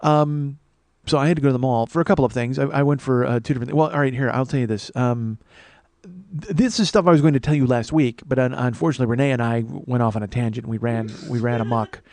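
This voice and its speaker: A man hosting a solo comedy podcast, rambling and self-mocking, swinging between loud outbursts and mumbled asides. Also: mid-range voice, fast talker, no room sound. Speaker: podcast host.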